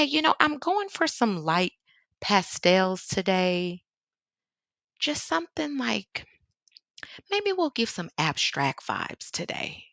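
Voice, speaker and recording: Chatty Chicago-accented woman, low and dry. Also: a bit bright, dry recording. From American Midwest. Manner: chatty, reads out viewer comments, laughs often. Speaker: artist livestream host. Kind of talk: casual livestream chat while painting. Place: home studio in Seattle.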